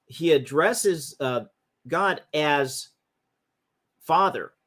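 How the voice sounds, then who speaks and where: A man with a fairly high-pitched, fairly bright voice hosts a livestream on a livestream mic. He explains history in a casual teaching talk, talking through slides and often restarting his phrases.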